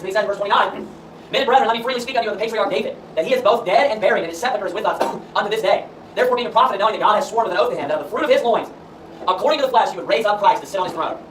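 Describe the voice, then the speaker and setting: A man preaching a sermon and reading scripture aloud, emphatic and full of rhetorical questions. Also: sits high. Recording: roomy echo, far from the mic, faint room noise.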